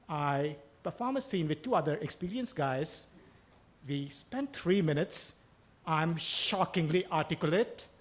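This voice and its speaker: Guy telling a funny true story on stage at a mic, kinda high voice, dry self-mocking, swears casually. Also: a little hiss or hum. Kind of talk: live first-person storytelling. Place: stage before a live audience in a bookstore.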